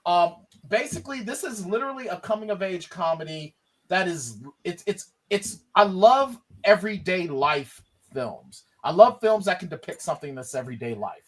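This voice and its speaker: A man's voice: high voice, animated, normal speed. A man co-hosting a podcast, chatting enthusiastically about films and rambling a little with fillers. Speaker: podcast co-host. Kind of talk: casual film review chat.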